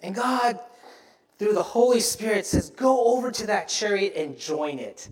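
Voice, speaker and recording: A man gives a sermon as pastor, unhurried and high-voiced, bringing the story to life with animated character voices and regular asides to the congregation. The sound is reverberant.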